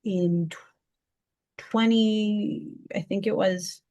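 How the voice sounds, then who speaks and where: Woman guest sharing a personal story in an interview; earnest, halting delivery with frequent restarts, medium pitch. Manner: halting, restarts and repeats words; heartfelt, lively pitch swings.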